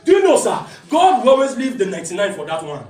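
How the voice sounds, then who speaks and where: A man with a Nigerian accent preaching a sermon, shouting key lines and slowing down to stress them. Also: sits high, huge pitch swings, roomy sound, distant mic. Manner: impassioned preaching, shouts and slows down for emphasis. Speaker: pastor.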